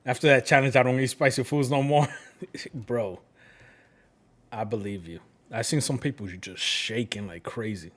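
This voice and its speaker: A man with a New York accent talks casually to his live-stream chat, swearing freely and sprinkling in Spanish phrases. His voice sits at medium pitch with a fairly bright tone, and he speaks at a moderate pace.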